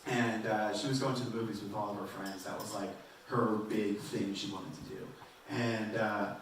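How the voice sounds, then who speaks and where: Man, stand-up comedian, rambling with halting restarts, very echoey room, off-mic, faint noise. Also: lowish voice, fairly even intonation. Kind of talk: stand-up set. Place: comedy club stage. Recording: roomy and distant, faint noise.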